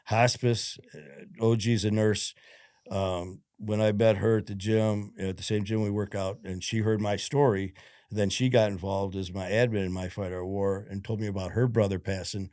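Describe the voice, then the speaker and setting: As a podcast guest, a man from Detroit, USA tells his story in casual interview style. His voice is lowish and a little mellow, with fairly even intonation and a moderate pace; he's blunt, swears freely, and imitates the people he quotes while retelling events. The recording is close and dry with no room sound.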